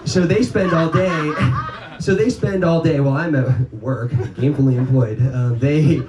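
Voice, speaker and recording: A man's voice: medium pitch, darkish tone. A man from North Dakota telling a story live to an audience, casual and rambling, full of ums and swearing. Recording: echoey live room from far off, noisy.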